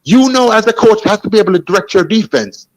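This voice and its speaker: In a quick, high voice captured on poor audio, a man from Jamaica with a Jamaican accent, a football coach, chats casually about tactics. He speaks animatedly, restarting sentences and often checking "you understand?"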